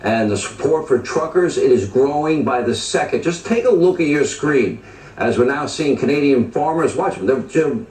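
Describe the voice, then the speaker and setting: A man's voice: medium pitch, animated, moderate pace, darkish tone. Man, TV commentator, emphatic lists, echoey sound, distant mic. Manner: emphatic, piles up lists of charged phrases. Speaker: TV news commentator. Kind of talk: opinionated TV commentary.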